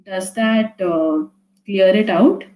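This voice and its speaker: A young woman with an Indian accent gives an online poetry lesson in a slow, mellow, mid-range voice, in a room that echoes. She tutors casually and chattily, mixing Hindi into her English with plenty of fillers and restarts.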